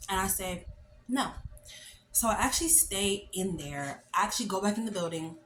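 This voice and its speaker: A woman in her late twenties telling a story in a casual, animated, chatty way, full of fillers. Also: mid-range voice, normal speed, slight background noise. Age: late 20s. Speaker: vlogger. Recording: echoey room with faint ambience.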